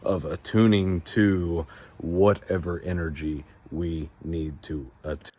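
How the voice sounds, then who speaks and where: A smug man talking to the camera in his own video, defiant and prone to giggles. His voice sits very low with a husky edge, and he talks slowly. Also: steady tone, a little mellow. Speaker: video maker. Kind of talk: self-recorded video monologue.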